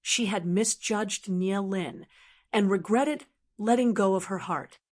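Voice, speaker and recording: A woman narrating a translated fantasy novel as an audiobook in a steady reading voice. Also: mid-range voice, takes it slowly. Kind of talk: scripted narration.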